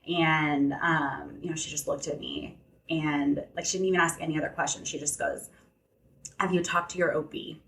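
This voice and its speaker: A woman's voice: low voice, fairly even intonation, normal speed, a bit bright. A young adult woman, a podcast guest, telling a personal story candidly in conversation, filling her speech with "like" and "you know.".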